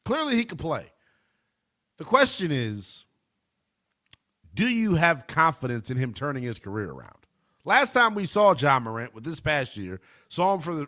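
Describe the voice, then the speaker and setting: A male sports radio host with a lively, bouncing delivery and a bright, forceful edge to his voice. He sits in a radio studio and stays emphatic, leaning hard on his points as he takes listener calls. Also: a little high. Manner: animated, emphatic, talks to listeners as brother. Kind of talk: call-in sports radio talk.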